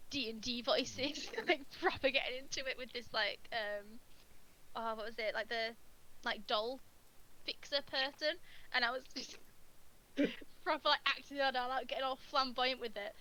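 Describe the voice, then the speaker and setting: Bright, giggly woman. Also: sits high, moderate pace, poor audio. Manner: giggly, chatty, rambling. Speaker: primary school teacher, tabletop player. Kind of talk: casual chat on a streamed game night.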